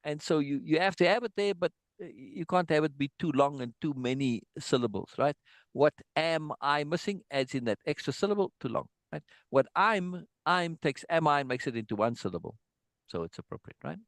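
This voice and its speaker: A man's voice: a little high, animated, brisk, dry recording. Man teaching songwriting, asks "right?" a lot. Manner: thinks aloud, checks in with frequent "right?". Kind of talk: informal online lesson.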